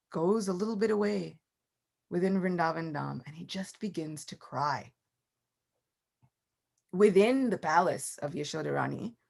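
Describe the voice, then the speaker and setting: A woman's voice: medium pitch, creaky. A woman giving a morning scripture class, telling the story vividly and acting out the characters' lines in her own voice. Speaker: class speaker.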